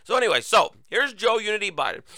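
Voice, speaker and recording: This is solo opinion commentary from a U.S. political talk host whose voice sits high and comes out pushed, bright, and very animated at a quick clip. He's sarcastic and mocking, chatting to listeners as "folks," and keeps coughing now and then. No room sound is audible.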